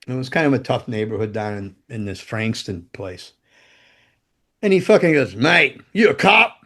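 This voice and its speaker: A man's voice: fairly low pitch, big pitch swings, normal speed. Profane rambling man telling stories. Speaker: podcast guest. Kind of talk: casual storytelling.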